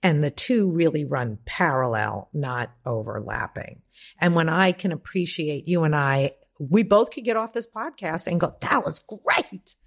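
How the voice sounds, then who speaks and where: A woman's voice: sits low, animated, normal speed. A woman life coach on a podcast, talking emphatically and profanely, acting out the voices in people's heads. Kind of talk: podcast conversation.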